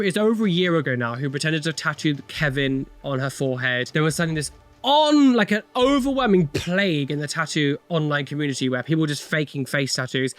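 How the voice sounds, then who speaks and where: Reacting to tattoo videos, this young host rambles and exclaims in a casual way, dropping frequent swear words. He has a fairly high, slightly bright voice.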